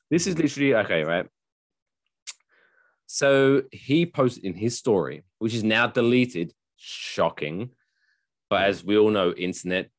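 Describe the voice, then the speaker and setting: A man hosting a podcast, chatting casually in a jokey, animated way and swearing freely. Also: medium pitch, no echo, clean studio sound. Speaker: podcast host.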